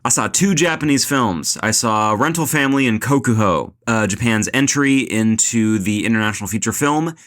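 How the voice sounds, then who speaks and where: A man's voice: on the low side, animated, moderate pace, few pauses, a bit bright. A young man hosting a casual film podcast, retelling a movie in a rambling, joking way full of "like" and "uh". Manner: rambling, lots of "like" and "uh", jokey retelling. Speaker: podcast host.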